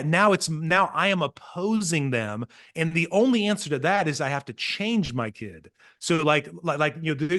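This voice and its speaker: A man guest on a podcast, telling parenting stories with earnest, animated energy and acting out what others said. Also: a little high. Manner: earnest, animated storytelling, acts out quotes. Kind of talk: casual podcast conversation.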